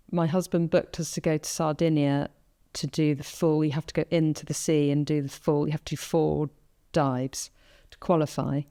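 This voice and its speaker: A podcast host with a low, smooth voice shares personal stories in relaxed, casual conversation. She brings them to life by acting out her own inner thoughts, keeping a mellow, easygoing tone.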